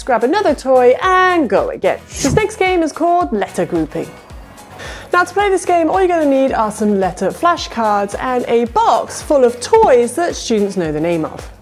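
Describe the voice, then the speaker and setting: A bright, high-voiced woman explains classroom games in a lively, sing-song way. She sounds out letters clearly, like an ESL teacher. Faint music plays behind her. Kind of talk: instructional video narration.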